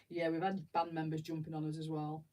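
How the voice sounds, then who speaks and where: A middle-aged Englishwoman streams while building, chatting, telling rambling stories and laughing often. Her voice is low-pitched and darkish, a bit away from the mic, on a low-quality recording with a little hiss or hum.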